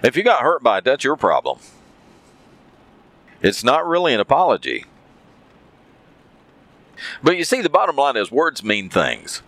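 A man's voice: medium pitch, huge pitch swings, unhurried, pauses often, a bit bright, no room sound. A man telling a story in a casual monologue, repeating phrases for emphasis.

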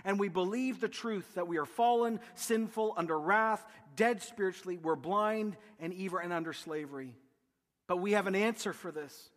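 A man preaching a sermon as pastor, emphatic, building rhythmic lists with quick asides. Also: high voice, a bit bright. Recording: long reverb of a large hall.

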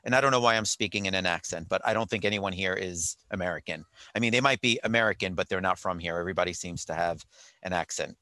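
A man's voice: low-pitched, fast talker, sharp tone, dry recording. A man telling a rambling story in casual chat, with wry jokes, from a hotel while on vacation. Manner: chatty, rambling, wry asides.

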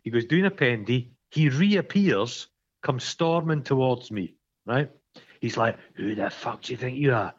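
Sweary, animated Scottish man, lo-fi. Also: medium pitch, unhurried, breathy edge. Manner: sweary, animated storytelling, acts out quarrels. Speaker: podcast co-host. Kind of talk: casual chat.

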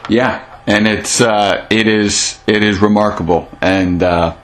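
A male podcast host with a fairly low voice talks earnestly with a guest. His speech is casual and unscripted, with the odd repeated word as he works through a thought. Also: steady tone, slow pace, slight background noise. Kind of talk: casual interview chat.

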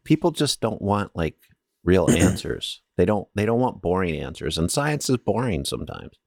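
Male co-host, low pitch, wry dry humor, dry close recording. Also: sing-song, moderate pace, gravelly, a little mellow, no room sound. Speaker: podcast co-host. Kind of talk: casual chat.

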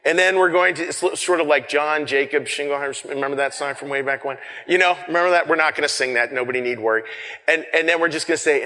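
Conversational preacher with a big-hall echo. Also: male voice, a little high, fast talker. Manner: swings from shouting to hushed whispers for effect; repeats words and restarts, conversational. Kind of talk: sermon. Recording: long reverb of a hall.

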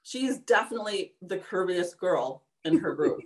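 A woman's voice: fairly low pitch, animated, moderate pace. A middle-aged woman co-hosting a podcast, speaking earnestly and encouragingly in casual chat. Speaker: podcast co-host.

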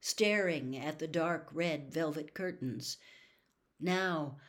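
A woman narrating a children's fantasy novel aloud in a steady, measured storytelling manner. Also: low voice. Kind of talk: audiobook narration.

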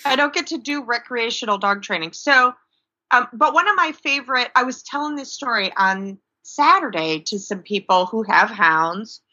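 A woman with a bright, forceful voice talks casually about her work as a dog trainer. She tells stories in a lively way and acts out the people in them. The sound is dull and lo-fi, like call audio. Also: fairly high pitch, normal speed. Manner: lively storyteller who acts out quotes. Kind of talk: casual conversation.

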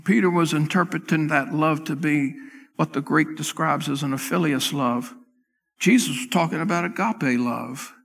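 A pastor delivers a sermon in a church sanctuary, his higher voice creaky and carrying a big-room sound. He speaks at a normal speed, preaching with passion as he climbs to loud peaks and falls to hushed tones.

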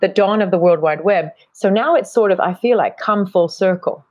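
The guest, a middle-aged female marketing strategist whose accent mixes British and American, reflects and rambles through stories during a conversational interview. She speaks at medium pitch and a moderate pace, a little mellow, in a dry, lo-fi recording.

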